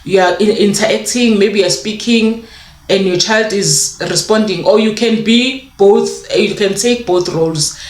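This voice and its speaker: A woman's voice: mid-range voice, moderate pace, reverberant. Woman giving parenting advice. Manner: explanatory, acts out child and parent dialogue. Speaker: parenting educator. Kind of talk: sit-down advice talk.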